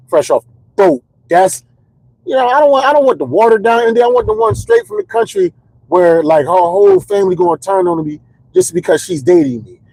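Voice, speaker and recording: A man's voice: a little high, dark tone, husky, low-quality recording. A stand-up comedian telling candid, rambling comedic stories in casual chat, repeating words as he builds the jokes.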